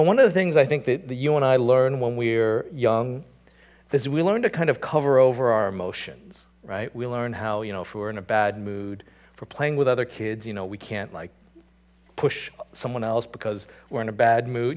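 A man preaching a sermon in a conversational way, with asides to the listeners, building to emphatic peaks and then dropping to a quiet, earnest tone. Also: medium pitch. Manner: conversational, with "you know" and "right?" asides. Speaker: pastor.

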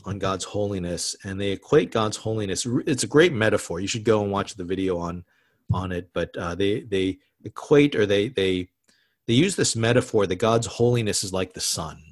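A man preaching a sermon as pastor, conversational, often restarting and adding asides, dropping to a hush on solemn words. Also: fairly low pitch.

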